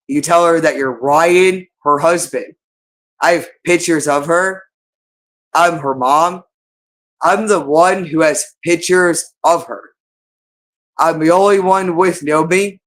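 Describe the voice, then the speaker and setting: A woman ranting angrily on camera, accusing and swearing heavily. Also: low-pitched. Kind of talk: angry monologue.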